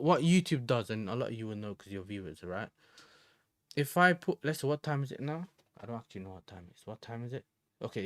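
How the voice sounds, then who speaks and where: A man's voice: mid-range voice, dry recording, studio quality. A young man from the Netherlands, chatting casually and rambling in slang as a football live-streamer.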